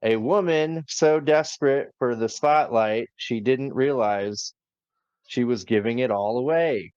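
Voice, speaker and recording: Slow-talking man, dull lo-fi recording. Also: medium pitch, darkish tone, clear, resonant tone, no echo. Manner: unhurried recapping, filler-heavy. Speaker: podcast host. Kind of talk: casual wrestling review chat.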